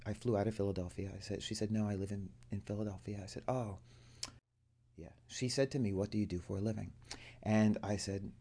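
A man's voice: lowish voice, fairly even intonation, a little fast, dark tone. A man telling a personal story to a group, earnestly acting out the dialogue he quotes. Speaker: coaching student.

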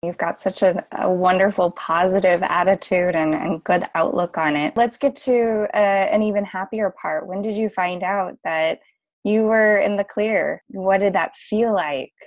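A woman interviewing a guest, asking gentle, sympathetic questions. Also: mid-range voice, a little slow.

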